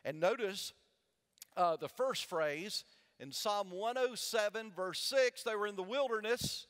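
In a spacious sanctuary with a balcony, a high-voiced male pastor preaches, his expressive and fairly bright delivery trailing a long hall reverb. He pauses on questions so the congregation can call back their answers.

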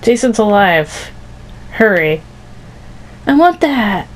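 A woman's voice: fairly high pitch, lively intonation, unhurried, slight background noise, low-quality recording. A woman chatting casually while playing a video game, laughing often mid-sentence. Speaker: gamer streaming with a friend. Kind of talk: casual gaming chat.

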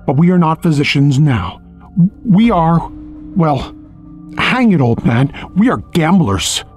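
A jumpy former doctor stammers in a high, husky voice, as a man puts him on. His lines swing widely in pitch over faint music in an audiobook. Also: very animated, slow pace, darkish tone. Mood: relieved. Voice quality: stammering, breathless. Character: nervous male doctor turned gambler, easily rattled. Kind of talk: audiobook character voice.

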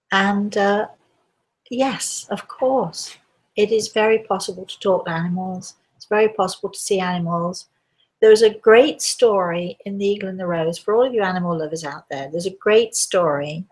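A woman hosting a live talk, telling stories and answering viewers' questions in a conversational way, with frequent hesitations and restarts. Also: medium pitch. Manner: hesitant, with many restarts and fillers. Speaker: host and spirit medium.

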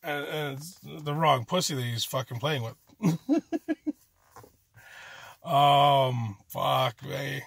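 A man's voice: medium pitch, slow pace, vocal fry, long pauses, fairly bright tone, slightly rough, dry recording. A man from Canada doing an amateur stand-up comedy set, ranting profanely in a rambling way and restarting his sentences often.

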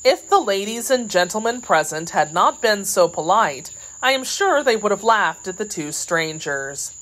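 A woman narrating a classic children's storybook in a measured, expressive way. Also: mid-range voice, poor audio. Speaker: audiobook reader.

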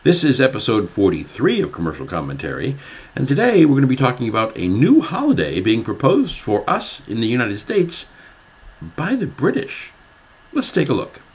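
A man's voice: mid-range voice, wildly swooping pitch, normal speed, breathy edge. A male host presenting a commentary show and dropping dry, wry asides over a commercial. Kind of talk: casual commentary.

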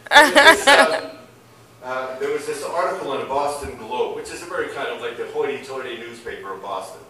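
A man's voice: medium pitch, very animated, a little fast, pushed and bright, slight background noise. Older man doing rambling stand-up. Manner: rambling, laughs at own jokes. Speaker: stand-up comedian. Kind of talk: open mic stand-up. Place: comedy club. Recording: echoey club, far from mic, crowd. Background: audience laughter.

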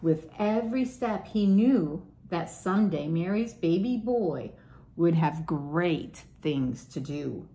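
A gentle, patient mother donkey from a children's storybook, voiced by a woman reader. She speaks softly and soothingly, in a slow, low and unhurried way. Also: animated.

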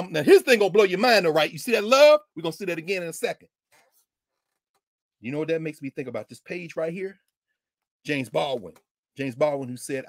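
A man's voice: a little high, no echo, clean studio sound. A male professor reading a children's book aloud and breaking off into emphatic, preacherly commentary that repeats phrases for effect. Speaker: professor guest on a talk show.

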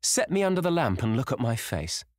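A man voicing a frantic young gentleman who gasps and stammers in terror, then turns cold and superior, in a storybook reading. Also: deep voice, a little fast, no echo, studio quality. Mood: urgent triumph. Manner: gasping, stammering, rising to triumphant and stern.

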